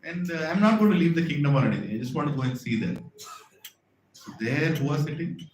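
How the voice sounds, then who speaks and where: A man's voice: on the high side, quick pace, slight background noise. A man, a preacher telling a devotional story in a temple hall, acting out the voices and often asking "right?". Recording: echoey hall with faint ambience.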